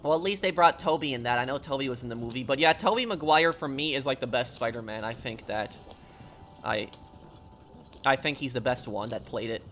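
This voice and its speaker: A man's voice: mid-range voice, brisk, a bit bright, slight background noise. A man streaming a video game, chatting casually and rambling through answers to viewers' questions. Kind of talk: casual live-stream chat while gaming.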